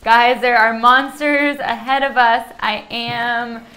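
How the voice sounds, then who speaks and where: A woman co-hosting a game stream, reacting with excited exclamations and quick questions. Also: a little high, low-quality recording. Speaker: co-host. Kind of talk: casual chat.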